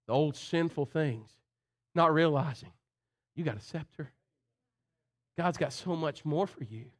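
A man preaching a sermon, telling a story and calling out to members of the congregation by name. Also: a little high. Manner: animated, addresses congregants by name.

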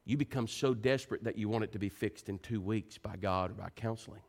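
A man preaching a sermon. He moves between quiet, earnest pleading and animated storytelling. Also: fairly quick, gravelly. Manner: animated, rising to high excited pitch when telling stories.

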